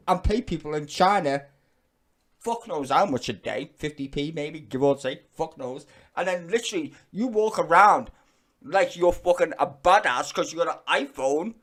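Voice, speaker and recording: A man's voice: high-pitched, a bit bright. Profane ranting British man. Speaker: YouTube commentator. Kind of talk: ranting reaction commentary.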